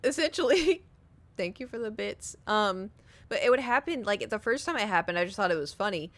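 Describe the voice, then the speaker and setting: A young adult woman streams and tells a story to her viewers in casual conversation, giggling, animated, and swearing casually. Her voice is medium-pitched and a little fast.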